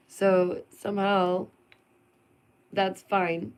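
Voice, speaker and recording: Gravelly-voiced woman venting to camera. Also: medium pitch, flat delivery, slow pace, long pauses. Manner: emphatic and sarcastic, with rhetorical questions. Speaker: vlogger.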